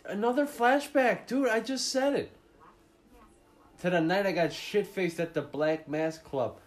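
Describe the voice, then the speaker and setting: A man's voice: high voice, measured pace. Joking, profane male podcast host. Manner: profane, joking, mocking the plot. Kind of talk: casual movie commentary.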